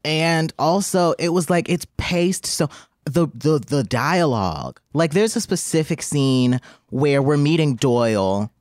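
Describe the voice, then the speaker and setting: A man's voice: fairly high pitch, expressive, a little slow, darkish tone, no room sound, studio quality. A man co-hosting a podcast in casual chat, playful and jokey, laughing often. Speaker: podcast co-host.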